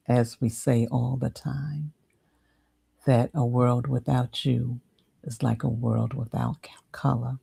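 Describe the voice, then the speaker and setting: A woman co-hosts a devotional chat, her voice extremely low, husky and full of vocal fry. She responds warmly with short affirmations and closes the show with words of encouragement.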